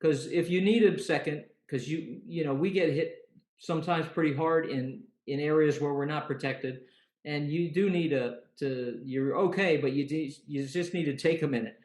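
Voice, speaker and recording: A man's voice: on the high side, normal speed, darkish tone. A man guest, an umpire, talking earnestly in a casual interview and often repeating words as he thinks. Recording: roomy echo.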